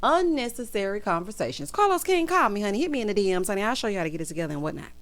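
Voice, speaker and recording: A woman giving sassy, gossipy casual commentary as she recaps a reality show, laughing loudly. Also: medium pitch, big pitch swings, rapid-fire.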